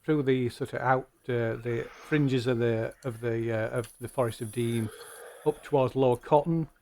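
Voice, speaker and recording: A man running a tabletop game as game master, narrating with many pauses, ums and restarts. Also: mid-range voice, steady tone, darkish tone.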